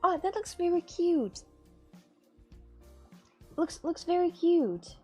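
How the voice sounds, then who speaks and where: A woman's voice: very high voice, animated, slow pace, mellow, soft background music. A woman making clay crafts on a live stream, rambling and repeating herself as she talks to her viewers, with a lilt. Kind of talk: casual live-stream chat.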